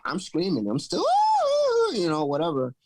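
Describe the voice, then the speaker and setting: A man hosting a podcast, telling a story in a loose, animated, profane way. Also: lowish voice, moderate pace, creaky, no echo, poor audio. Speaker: podcast host. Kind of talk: casual storytelling chat.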